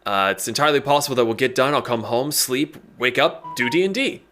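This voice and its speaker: A man's voice: medium pitch, expressive, fairly quick, pushed and bright, faint music behind. A man hosting a casual chat podcast, talking in a laid-back, rambling way and laughing often. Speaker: podcast host.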